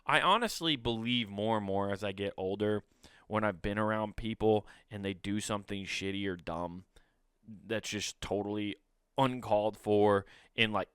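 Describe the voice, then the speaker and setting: A man in his thirties with a fairly low, fairly bright voice that sounds clear and resonant, recorded dry with clean studio quality. He's a comedian hosting his own podcast, ranting and swearing through a comic monologue and acting out little scenes in a raised voice.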